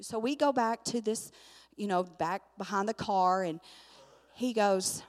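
Older woman, Bible study teacher, animated storyteller, reverberant hall. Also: on the high side, moderate pace. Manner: animated, chatty storytelling with acted-out quotes. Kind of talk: storytelling lesson.

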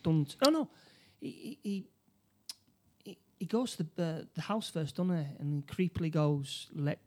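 A man chatting casually about a movie, his voice on the darker, mellow side. He stops and restarts his sentences often, then drops into quick quoted lines from the characters. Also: on the high side, expressive. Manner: halting, many restarts, acts out quotes. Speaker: podcast co-host. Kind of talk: casual film discussion.

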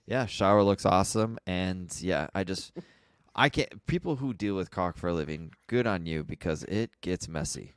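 A man's voice: deep voice, animated, normal speed, clear, resonant tone, no echo, clean studio sound. A man from Minnesota, co-hosting a podcast, telling a rambling story in casual chat with laughs. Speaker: podcast co-host.

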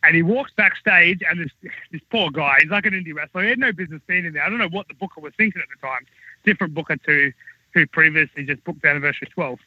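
A man's voice: on the high side, fast talker, husky, no echo. A man who works as a wrestler tells a rambling, profane backstage story in casual podcast chat, on dull lo-fi podcast audio. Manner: rambling, profane, animated anecdote-telling. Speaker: wrestling talent recounting backstage stories.

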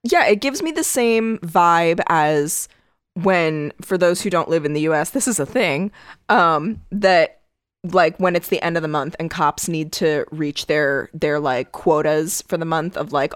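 A woman's voice: sits low, a little slow, clean tone, dry recording, studio quality. A woman, co-hosting a podcast in casual chat, blunt and indignant, swearing and saying "like" a lot. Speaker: podcast co-host.

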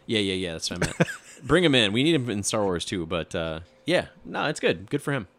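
A man's voice: lowish voice, very animated, brisk, a bit bright. A man co-hosting a casual podcast about movies, enthusiastic and casually swearing. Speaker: podcast co-host. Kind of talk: casual chat.

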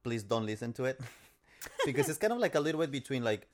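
A young man from Mexico whose first language is Spanish, speaking English with a Mexican Spanish accent in a casual podcast chat, halting and restarting his sentences. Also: medium pitch, sing-song. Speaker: podcast co-host.

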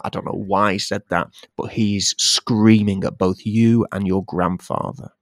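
A man co-hosting a podcast, improvising silly comic stories in a playful, animated way and often breaking into giggles. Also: on the low side, measured pace, hardly any pauses, no room sound, studio quality. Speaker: podcast co-host.

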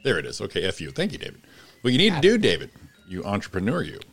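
Deep-voiced laughing male co-host. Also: wildly swooping pitch, quick pace, fairly bright tone, slightly rough. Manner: laughs often, swears freely, stumbles over words. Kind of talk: casual morning show banter.

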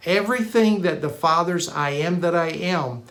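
A preacher delivering a sermon teaching, with emphatic, repetitive declarations and frequent restarts, shifting between quick bursts and slow, drawn-out emphasis. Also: mid-range voice, fairly bright tone.

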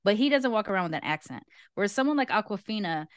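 A woman's voice: medium pitch, expressive, fast talker, no echo, clean studio sound. A woman from North Long Beach giving her frank opinions at length in a casual podcast conversation. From North Long Beach, California. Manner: candid, opinionated, talks at length. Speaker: guest co-host.

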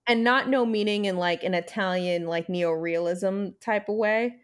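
A woman's voice: mid-range voice, moderate pace. A woman co-hosting a podcast in casual chat, blunt and sarcastic, swearing freely. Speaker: podcast co-host.

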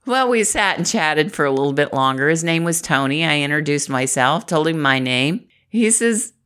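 A middle-aged woman from the Midwest speaks with a low, lively voice that rises and falls a lot. She talks to the viewer in a chatty, encouraging way, often laughing. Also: normal speed, clean tone. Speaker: inspirational vlogger. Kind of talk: upbeat motivational talk to camera.

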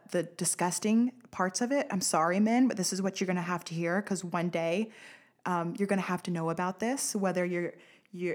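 A young woman from the United States hosting a casual solo podcast, ranting sarcastically, swearing freely and laughing often. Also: lowish voice. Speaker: podcast host. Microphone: studio podcast mic.

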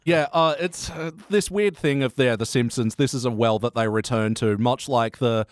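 A man hosting a podcast in a relaxed, jokey way, steering the chat and swearing offhandedly. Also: mid-range voice, normal speed, no room sound, clean studio sound. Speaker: podcast host. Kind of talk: casual chat.

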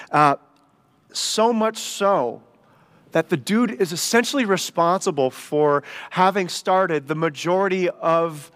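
A man from Michigan, a guest pastor, giving a sermon in a loose, conversational, storytelling way with frequent fillers. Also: a little high. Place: church service in a gym.

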